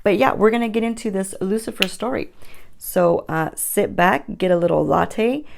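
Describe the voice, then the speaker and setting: A woman's voice: mid-range voice, moderate pace, vocal fry, slight background noise. A woman beauty vlogger telling a rambling, chatty storytime with playful asides, recorded on her phone at home at night. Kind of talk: casual storytime chat.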